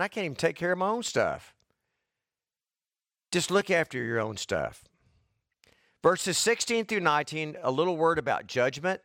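A man's voice: mid-range voice, a bit bright, no echo, clean studio sound. A man preaching a sermon, folksy and conversational, building to emphatic repeated lines, his voice a little worn and short of breath. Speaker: pastor.

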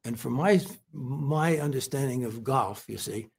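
Male interview guest from California: husky, earnest, stumbles and repeats himself. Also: mid-range voice. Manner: halting, repeats words, many fillers. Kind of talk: heartfelt conversational praise.

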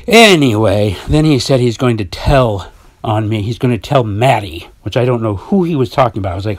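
Man, podcast host, chatty storytelling, expressive swooping pitch, dry close sound. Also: normal speed, no room sound. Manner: animated storytelling, pitch jumps when quoting others. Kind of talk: casual monologue.

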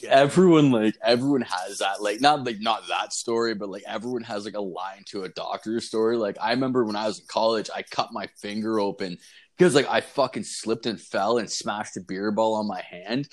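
A young man telling stories in casual, profane podcast chat, with an animated delivery. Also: fairly low pitch, moderate pace.

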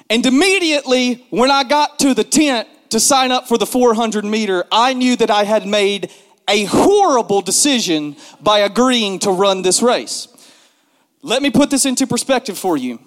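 A man spins a comic tale in a high voice, animated and self-mocking, leaning on repeated words for punch. His voice rings out with a long reverb, as if in a large hall. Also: moderate pace. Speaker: storyteller. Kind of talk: casual comic storytelling.

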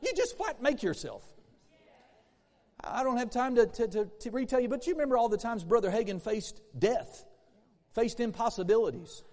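A man's voice: very high-pitched, lively intonation, moderate pace, a little mellow. A man preaching a sermon in a church, emphatic and repetitive, acting out bursts of laughter. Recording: long hall reverb in a church.

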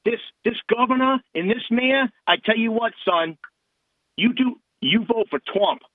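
A man's voice: very high-pitched, a little slow, no room sound, pitched above the performer's own voice. A man putting on a pushy, friendly older Long Island man with a New York accent, over a lo-fi line. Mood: excited.

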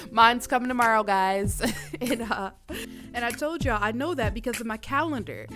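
A woman's voice: fairly high pitch, expressive, a little slow, over music. A young woman hosting her own podcast, talking candidly and casually to her listeners, whom she calls y'all. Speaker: podcast host. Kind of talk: casual solo podcast monologue.

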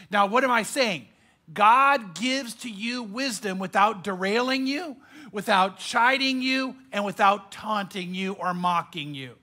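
Male pastor, high bright voice, emphatic sermon delivery with repetition. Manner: emphatic preaching with dramatic pauses and repetition.

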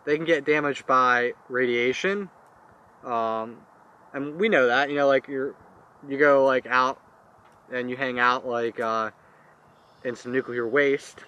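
A man's voice: mid-range voice, steady tone, a little slow, pauses often, sharp tone, clear, resonant tone, highs cut off. A young man co-hosting a casual podcast chat, rambling through explanations with many fillers. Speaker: podcast co-host.

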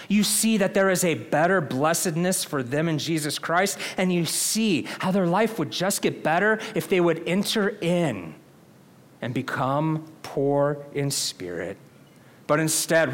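Speaking earnestly and in a conversational tone, this pastor preaches while regularly questioning his listeners. The voice is male and slightly high.

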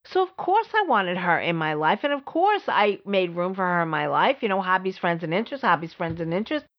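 A middle-aged woman hosting a podcast, telling a personal story in an emphatic way, repeating words for stress and swinging between high and low. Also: very animated, a little fast. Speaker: podcast host. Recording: slightly dull lo-fi audio.

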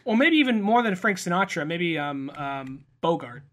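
A man's voice: a little high, sing-song, normal speed, a bit bright. A man in casual podcast chat, thinking aloud about a film with crude humor. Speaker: podcast co-host.

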